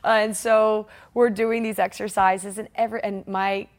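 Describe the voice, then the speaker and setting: Woman, forties, interview guest; lively storyteller who acts out other people's lines. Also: mid-range voice, normal speed. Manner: animated, acts out quoted voices, laughs often. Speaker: guest, triathlete.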